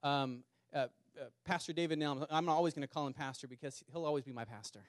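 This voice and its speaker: An earnest male pastor delivering a sermon to a small congregation, his voice sitting a touch high for a man. He repeats phrases and slows down to press a point home. The sound is close and dry, with little room echo. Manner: earnest, repeats words, speeds up and slows for emphasis. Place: small church meeting in a community center.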